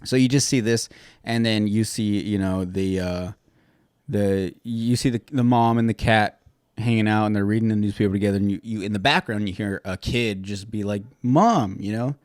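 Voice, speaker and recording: A man's voice: fairly low pitch, normal speed, no echo, clean studio sound. A man hosting a podcast in casual chat, rambling and swearing often, with lots of fillers. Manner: rambling and profane, with many fillers; grows loud and animated when retelling something funny. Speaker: podcast host.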